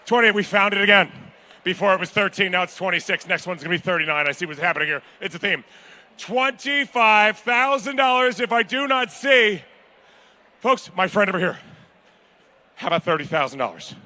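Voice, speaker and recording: A man's voice: high voice, animated, fairly quick, pushed and bright. A man calling bids at a live charity auction, joking with the crowd. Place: large banquet hall at a gala.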